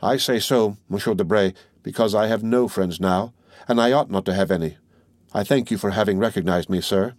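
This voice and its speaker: Guy reading a proud broke young nobleman, formal and measured, lowish voice, storybook. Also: a little mellow, dry recording, clean studio sound, natural voice. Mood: dignified.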